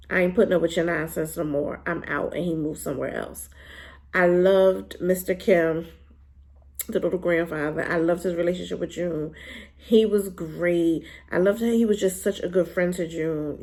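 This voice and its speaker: A woman giving a casual, animated spoken review of a drama, talking in a colloquial, emphatic way. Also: gravelly. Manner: animated, emphatic, colloquial with pitch jumps when worked up.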